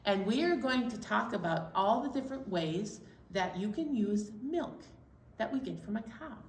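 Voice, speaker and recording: A woman leading a children's library storytime, singing simple songs and talking in a cheery, sing-song way, slow and clear for little ones. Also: medium pitch, animated. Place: library program room. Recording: echoey room, voice far from mic.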